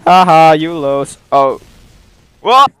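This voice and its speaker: A man giving excited gameplay commentary as a streamer, exclaiming and reacting loudly, in broken non-native English. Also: on the high side, slow pace, clean tone, no room sound. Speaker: game streamer.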